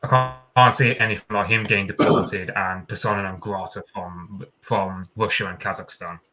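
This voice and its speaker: A man's voice: low voice, steady tone, moderate pace, music in the background, poor audio. A man with a Black Country accent chatting on a live online stream. He rambles, restarts often and swears casually. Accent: Black Country English. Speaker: panelist on a live talk stream. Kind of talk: casual chat.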